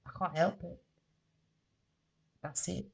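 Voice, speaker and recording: A woman's voice: on the low side, steady tone, slow pace, creaky, breathy edge, rough recording. A British woman giving an unscripted tarot reading, talking in a blunt, raw, confessional way and swearing freely. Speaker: tarot reader.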